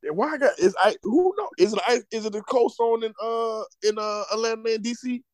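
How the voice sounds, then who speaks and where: A man in a casual podcast chat, playful and halting while he thinks aloud. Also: very high voice, dry recording. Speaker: podcast co-host.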